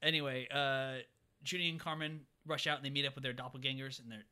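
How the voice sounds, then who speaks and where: A man's voice: medium pitch, fast, clear, resonant tone. A man chatting casually as a podcast host, recapping a movie and acting out the characters' lines. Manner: animated, acts out characters' lines. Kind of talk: casual chat.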